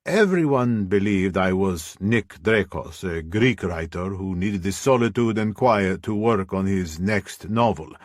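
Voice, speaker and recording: Deep-voiced man narrating an audiobook. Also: animated, a little slow, few pauses, dry recording, clean studio sound. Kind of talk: first-person audiobook narration.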